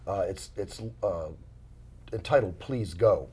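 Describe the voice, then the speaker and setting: Guest investigator, male, low husky voice, animated storyteller, studio chat. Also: slow pace. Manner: animated storyteller, many fillers and restarts. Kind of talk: casual interview storytelling. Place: small studio.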